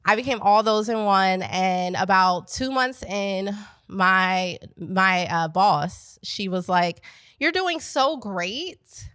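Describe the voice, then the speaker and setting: A middle-aged woman from Pennsylvania, a business founder, telling a lively story to a live audience and talking straight to the crowd. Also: mid-range voice, takes it slowly, smooth, no echo. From Pennsylvania, USA. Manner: animated, chatty, addresses the crowd directly. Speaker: business founder speaking at an event. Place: event space at a coworking venue.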